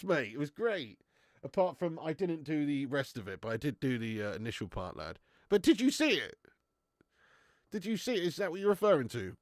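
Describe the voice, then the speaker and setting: A young man with a cold hosts a live stream from his home garage, laughing and bantering in slang as he reads out viewer comments. His medium-pitched voice comes through with studio quality and no echo.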